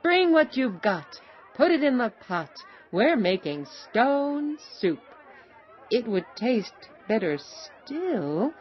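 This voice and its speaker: A woman voicing a cheerful, boastful male traveling cook in an animated storybook, announcing in a showy, sing-song way. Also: mid-range voice, a little slow, some chatter behind, pitched above the performer's own voice. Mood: cheery. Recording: slightly dull recording, faint noise.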